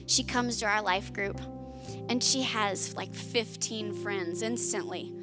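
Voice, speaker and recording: A woman's voice: medium pitch, steady tone, slow, over music. A woman in her thirties preaching a sermon, telling a personal story that builds to impassioned emphasis. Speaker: pastor.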